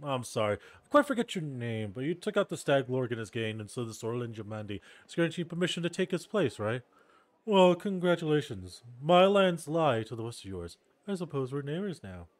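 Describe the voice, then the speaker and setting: A man's voice: medium pitch, very animated, fairly quick, no room sound, natural voice. A man voicing a bored, arrogant male baron who talks in an offhand, sneering way, reading game dialogue aloud. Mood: condescending.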